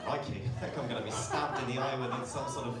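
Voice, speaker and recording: A young man from doing a rambling, animated stand-up routine at a comedy pub. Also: medium pitch, quick pace. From Bristol, England. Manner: animated, rambling storytelling full of "like" and laughter. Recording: echoey pub room, distant mic, loud crowd. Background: audience laughter.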